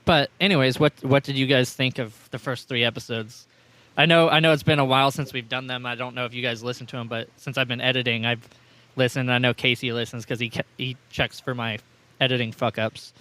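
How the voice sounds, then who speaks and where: Guy hosting a chill rpg aftershow, bright voice, rambly, swears a lot. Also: mid-range voice, little pitch movement, fairly quick, no echo. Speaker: podcast host and editor. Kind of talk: casual chat.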